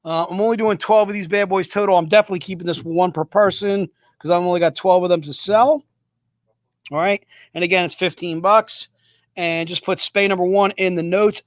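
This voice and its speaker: Selling comic books on a livestream, a man keeps repeating prices and codes, upbeat and cracking jokes along the way. His high-pitched voice holds a steady tone, runs a little fast, and has no echo.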